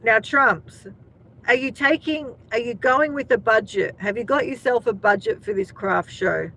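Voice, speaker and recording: Australian woman, livestream host, casual chat, bright voice, laughs often. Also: on the high side, normal speed, slight background noise, rough recording. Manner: chatty, laughs often, talks to viewers by name.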